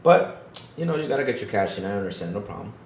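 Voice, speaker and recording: He's a podcast co-host with a fairly low, fry-tinged voice that swings widely in pitch and moves quickly. He rants emphatically in casual gaming talk, restating his points again and again. Echo and faint background noise fill the recording.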